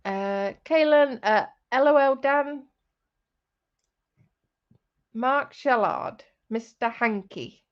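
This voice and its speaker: A woman's voice: high-pitched, takes it slowly. A woman hosting a casual crafting livestream, teasing her partner and reading out chat comments. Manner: teasing, chatty, breaks into laughter. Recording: dull lo-fi stream audio.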